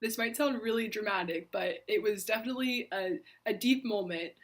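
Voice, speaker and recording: A young woman vlogger telling a personal faith story in an earnest, reflective way, with soft pauses and fillers. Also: medium pitch.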